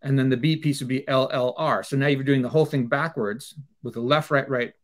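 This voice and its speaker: A man's voice: medium pitch, steady tone, fairly quick. A man, a drum teacher, explaining rudiments in casual chat, singing out the drum patterns and using many fillers.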